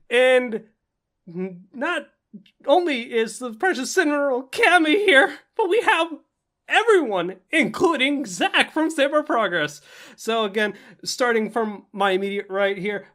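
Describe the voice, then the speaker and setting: A man's voice: very high-pitched, expressive, a little slow, sharp tone. A man hosting a casual podcast, introducing everyone with playful, grandiose flair. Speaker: podcast host.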